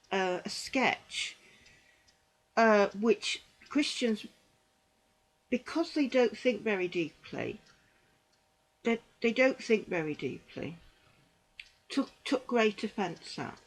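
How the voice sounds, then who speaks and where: Older woman, a higher voice, candid rambling monologue, unwell and tired. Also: lively intonation, takes it slowly, long pauses, poor audio. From United Kingdom. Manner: rambling and earnest, with frequent restarts. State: unwell and in pain. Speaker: vlogger, former psychiatric nurse. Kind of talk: personal commentary monologue.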